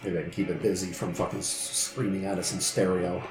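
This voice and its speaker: Man playing tabletop game, lowish voice, talks through his turn, echoey. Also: flat delivery, a little fast, music in the background. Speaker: player.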